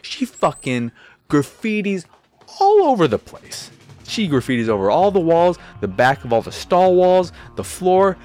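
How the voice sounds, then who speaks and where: A man's voice: a little high, big pitch swings, normal speed, a little mellow, faint music behind. A young man ranting through a casual game review, profane, sarcastic and exasperated.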